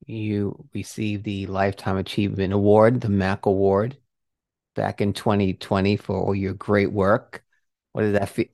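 A man's voice: fairly low pitch, level tone, normal speed, gravelly, darkish tone, no room sound, studio quality. A man hosting a podcast interview, asking rambling questions with restarts and heartfelt praise. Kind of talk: casual interview.

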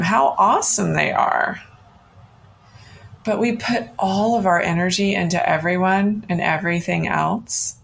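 A middle-aged woman hosting a podcast, gently and encouragingly guiding listeners through a self-love exercise. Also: medium pitch, creaky. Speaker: podcast host.

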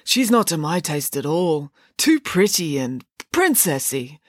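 A woman's voice: sits low, big pitch swings, unhurried, no echo, studio quality, full character voice. A woman reading a storybook, voicing a large, earnest teenage schoolboy who is bashful and dreamy about love.

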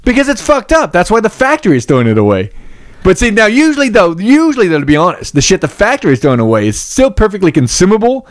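Chill dry-humored guy telling a work story, slightly high voice, dry mic. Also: wildly swooping pitch, fast talker, no echo. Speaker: podcast co-host. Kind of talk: casual chat, storytelling.

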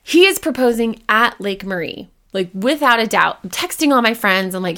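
Animated woman telling a personal story. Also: moderate pace, hardly any pauses. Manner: animated, acts out her own past lines with big pitch jumps. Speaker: podcast host.

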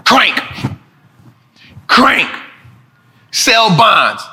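A man hosting a casual finance talk show, animated and preachy, full of slang and repeating lines for emphasis. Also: sits high, extremely slow. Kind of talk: casual market commentary.

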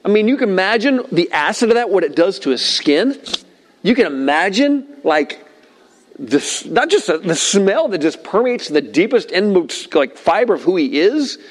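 Fairly high-voiced joking male pastor. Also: normal speed. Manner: lively, joking asides, emphatic repetition. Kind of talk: sermon.

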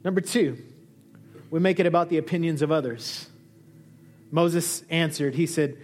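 Man, pastor preaching, fairly high voice, lively delivery, soft music behind. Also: normal speed, pauses often. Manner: lively, acts out quoted dialogue with shifting pitch. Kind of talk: sermon. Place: church hall.

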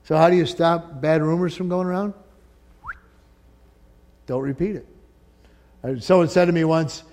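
This is a male pastor delivering a sermon in a fairly high voice for a man. He builds to loud, emphatic peaks and then drops to quiet, confiding asides. The delivery feels conversational and rooted in a congregation. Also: steady tone, moderate pace, long pauses. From northern United States.

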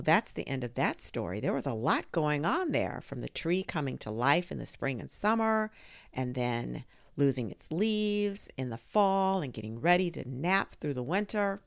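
A middle-aged woman reads a storybook aloud, unhurried and gentle. Her low voice has a gravelly edge, yet rises and falls with a lively pitch. The sound is close and dry. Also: no room sound. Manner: gentle, expressive reading with lively voiced quotes. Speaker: storytime reader.

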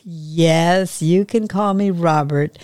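A woman reading the lines of a nervous, smitten young man in her own low, unhurried voice. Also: a little mellow, dry recording, clean studio sound. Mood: earnest.

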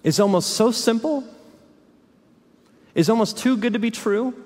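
High-voiced pastor preaching in a reverberant hall. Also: male voice, a little slow. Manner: dramatic swings between hushed lows and fiery peaks. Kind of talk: sermon.

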